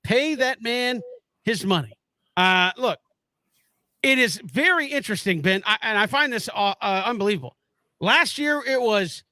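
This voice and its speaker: Bright, high-voiced sports talk man. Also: normal speed, dry recording. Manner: animated, stumbles and restarts when fired up. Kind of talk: casual sports radio chat.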